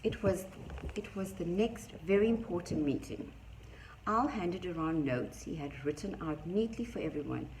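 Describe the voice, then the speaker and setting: A teacher reading a picture book aloud to young children, expressive and gently animated. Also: female voice, fairly low pitch, moderate pace, background noise. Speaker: primary school teacher.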